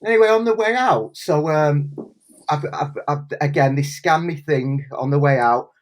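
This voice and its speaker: A man's voice: a little high, normal speed. A man from England with a cold, telling a story animatedly in casual chat. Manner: animated storyteller, acts out voices. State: has a cold. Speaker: resident tipster.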